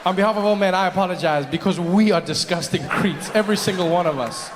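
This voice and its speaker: Stand-up comedian in a big hall. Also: male voice, sits high, quick pace, few pauses, slight background noise. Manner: conversational, addresses the audience directly. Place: large venue, live audience. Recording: live hall with long reverb and faint crowd.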